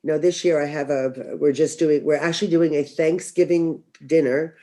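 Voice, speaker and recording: A man's voice: fairly high pitch, steady tone, normal speed, dark tone. A man guest in a casual podcast chat, reminiscing and chiming in with short agreements.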